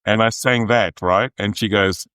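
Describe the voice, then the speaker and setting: A New man, an opera singer, telling lively backstage anecdotes as a podcast guest and acting out the quotes. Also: fairly low pitch, moderate pace, smooth, no room sound. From New Zealand. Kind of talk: animated storytelling.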